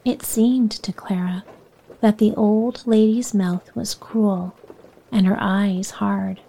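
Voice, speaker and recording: A woman reading a children's bedtime story aloud in a soft voice that often sinks near a whisper. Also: medium pitch, fairly even intonation, slow pace, vocal fry, breathy edge, poor audio.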